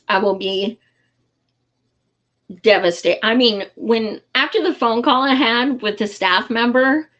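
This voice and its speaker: A woman's voice: a little high, a bit bright, lo-fi sound. A woman giving casual, frustrated political commentary in a vlog, blunt and swearing freely, with many fillers.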